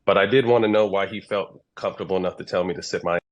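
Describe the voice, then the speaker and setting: A man making a public statement, halting and measured as he apologizes. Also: sits low, fairly even intonation, lo-fi sound.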